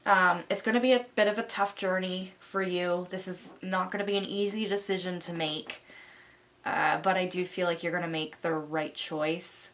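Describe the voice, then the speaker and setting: A woman's voice: fairly low pitch, steady tone, moderate pace, fairly bright tone. A young woman giving a pick-a-card tarot reading, talking in a rambling, reassuring way with many fillers. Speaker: tarot reader.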